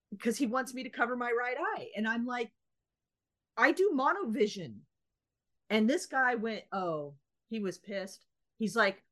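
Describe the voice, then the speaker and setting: A woman's voice: a little high, measured pace. A woman co-hosting a podcast, telling a story in casual chat and acting out both sides of the exchange. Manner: animated anecdote teller, acting out both sides of a dialogue. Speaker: podcast co-host.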